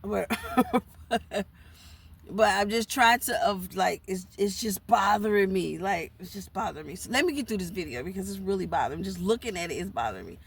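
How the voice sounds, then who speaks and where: Husky-voiced woman, blunt rambling vlogger. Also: medium pitch, animated, brisk. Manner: rambling, blunt, repeats herself; talks while eating. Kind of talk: candid casual monologue.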